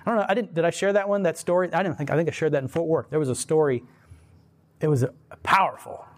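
Animated man telling faith stories. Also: a little high, fast. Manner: emphatic, rambling, animated storyteller. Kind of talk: casual chat, storytelling.

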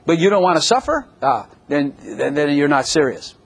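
Older man, sermon, husky voice, fairly high pitch, animated storytelling. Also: moderate pace. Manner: animated storytelling, acts out scenes. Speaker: preacher.

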